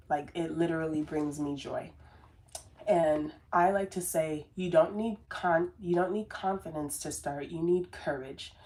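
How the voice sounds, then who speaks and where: Earnest woman with a low voice. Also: a little mellow. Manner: earnest, rambling with fillers and repeats; self-described very sensitive. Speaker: business coach. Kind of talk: casual motivational talk to camera.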